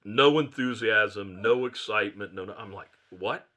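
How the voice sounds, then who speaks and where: Podcast guest, male, low voice with a bright edge, rambling storyteller. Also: normal speed. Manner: rambling storyteller, self-correcting. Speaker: guest, fly shop owner.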